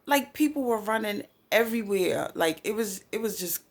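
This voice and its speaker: A woman from the New York City area sharing a dream in a halting, emotional testimony full of fillers. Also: medium pitch, animated, faint music behind. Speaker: Christian speaker sharing a dream. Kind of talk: casual testimony.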